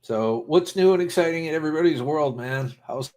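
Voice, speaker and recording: A man's voice: fairly high pitch, brisk, darkish tone. A man in his fifties from Rhode Island, hosting a casual livestream chat in a rambling, self-deprecating way that often trails off. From Rhode Island, USA. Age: 50s. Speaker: livestream host.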